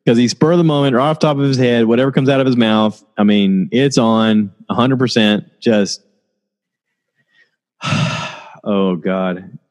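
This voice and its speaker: A man's voice: medium pitch, a little slow, pauses often, a little mellow. Rambling, laughing man podcast host. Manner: rambling storytelling, laughs often. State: tired, low on energy. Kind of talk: casual solo podcast chat.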